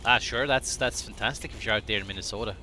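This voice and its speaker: A chummy Minnesotan man rolls out his words in a folksy, sing-song lilt, as a man puts the voice on. The tone is bright and forward, and he speaks at a brisk clip. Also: on the low side, slight background noise.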